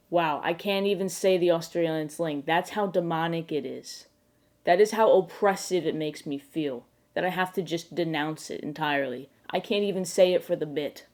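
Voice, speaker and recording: Brief: woman, lowish voice, spoof talk-show host, overblown mock outrage with swearing. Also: normal speed, darkish tone. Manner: mock-serious ranting, bursts of outraged swearing. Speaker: late-night show host. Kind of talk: mock late-night monologue.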